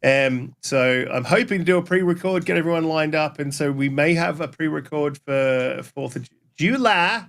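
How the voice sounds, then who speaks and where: An Australian man co-hosting a casual podcast, talking in a deadpan, teasing way. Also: a little high, normal speed, gravelly, hardly any pauses. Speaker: podcast co-host.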